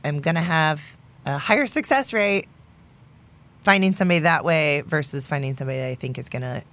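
A woman in her late thirties talking through her views on a podcast in a low, grounded voice. She speaks casually, pausing on fillers, then stresses her points firmly. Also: a bit bright. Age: late 30s. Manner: reflective, emphatic opinions with frequent fillers. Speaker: podcast co-host. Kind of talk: casual chat.

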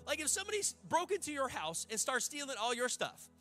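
Pastor guy preaching, high bright voice, soft music behind. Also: big pitch swings, a little fast. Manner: fervent, conversational preaching with folksy asides. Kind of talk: sermon. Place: church hall with a congregation.

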